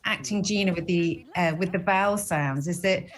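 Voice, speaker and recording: A woman's voice: fairly low pitch, normal speed. A British woman in her forties, a guest actress chatting in a TV interview, self-deprecating and rambling, laughing often. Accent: British English. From Britain. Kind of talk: TV interview chat.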